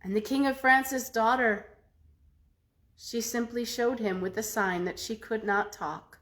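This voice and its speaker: A woman storyteller telling a folk tale aloud in an expressive way, with slow dramatic pauses. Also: on the high side.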